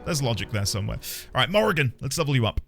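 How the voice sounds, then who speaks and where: A man's voice: medium pitch, sing-song, racing, fairly bright tone. A man streaming a game, chatting casually in a playful, rambling, self-mocking way. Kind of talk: casual gameplay commentary. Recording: game music behind.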